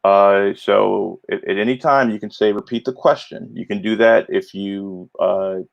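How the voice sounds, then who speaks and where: Gravelly upbeat male trivia host. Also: fairly low pitch, fairly even intonation, a little slow, highs cut off. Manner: chatty, upbeat, announcer-style hype with many fillers. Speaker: trivia game show host. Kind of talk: casual livestream hosting.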